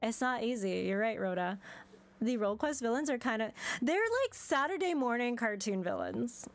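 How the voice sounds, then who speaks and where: A woman's voice: fairly high pitch, animated, moderate pace. Exasperated young woman streamer. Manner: exasperated, swears and laughs often. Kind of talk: casual game commentary.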